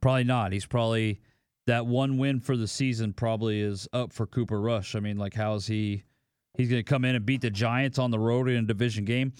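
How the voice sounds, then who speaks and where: A man hosting a casual sports betting podcast alone, ranting and swearing, swinging between loud outbursts and low mutters. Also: steady tone, a little fast, clean tone, no echo, clean studio sound. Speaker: podcast host.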